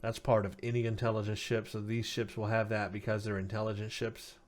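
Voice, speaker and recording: Tired gaming news host, low voice. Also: male voice, level tone, a little fast. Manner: casual, many ums and uhs, reads out ship stats. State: tired, losing his voice. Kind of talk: casual game news commentary.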